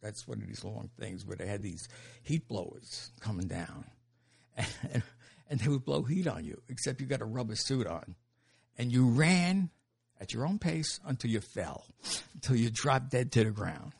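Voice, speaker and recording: An older man telling stories as an interview guest, animated and laughing, with casual swearing. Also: mid-range voice, moderate pace, vocal fry, breathy edge. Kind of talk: storytelling in an interview.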